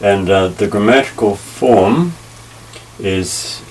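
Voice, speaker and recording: Deep voiced guy doing a slow careful bible lesson, bit far from the mic, faint hum behind. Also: darkish tone. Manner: measured, careful, with many pauses and fillers. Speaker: Bible teacher. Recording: slightly distant mic with faint ambient noise.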